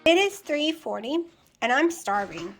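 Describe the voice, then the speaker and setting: A woman's voice: sits high, big pitch swings, measured pace, music in the background. A woman with a country American accent, chatting candidly and bluntly to the camera at home in a casual vlog, repeating things for emphasis. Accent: rural American country. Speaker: keto weight-loss vlogger. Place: at home, indoors. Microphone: camera on a tripod with a light.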